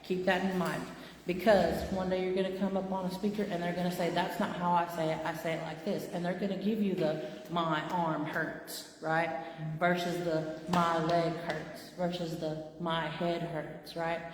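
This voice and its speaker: A woman with a fairly low voice gives a relaxed language lesson and keeps asking "right?" and "okay?" as she goes. She draws out words slowly and with exaggeration so learners can catch every sound. The room is very echoey, with a long reverb trailing her voice. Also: a little hiss or hum. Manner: conversational, checks in with "right?" and "okay?"; stretches out words slowly and with exaggeration to teach pronunciation. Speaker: language teacher. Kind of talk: casual spoken language lesson.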